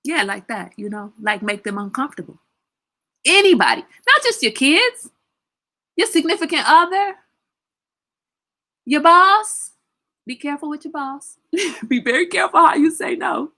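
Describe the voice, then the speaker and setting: Blunt, bright-voiced woman hosting a livestream. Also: high voice, moderate pace, pauses often. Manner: blunt, animated, laughs often. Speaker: livestream talk show host; mother. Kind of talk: casual livestream chat.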